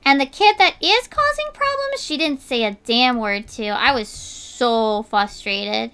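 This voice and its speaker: Bright, high-voiced woman streamer chatting. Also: unhurried, smooth, soft background music. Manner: animated storytelling, indignant retelling, casual filler words. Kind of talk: casual chat while drawing on stream.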